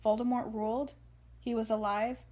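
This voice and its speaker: A young woman giving casual commentary on a book she is reading, rambling and excitable with many fillers. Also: on the high side, moderate pace. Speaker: reader and commentator.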